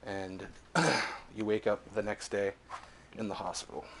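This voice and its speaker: Low-voiced young male game master. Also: unhurried, fairly bright tone, a little hiss or hum. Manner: vivid, swearing freely, laughing between beats. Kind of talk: narrating a tabletop game.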